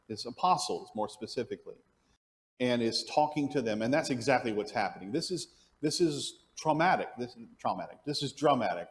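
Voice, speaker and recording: In a church classroom, a man teaches a Sunday morning adult Bible class, his pitch rising and falling across a lively range. He asks the room questions and answers them himself, thinking aloud and often stumbling and restarting.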